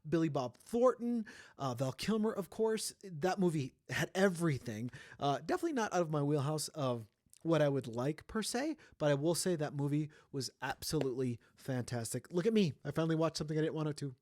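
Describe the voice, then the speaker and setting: A man's voice: fairly high pitch, animated, fairly quick, darkish tone, no room sound, studio quality. A man hosting a casual pop culture news podcast, talking in a playful, chatty way. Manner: chatty, playful, jumps into sung sounds and silly voices. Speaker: podcast host.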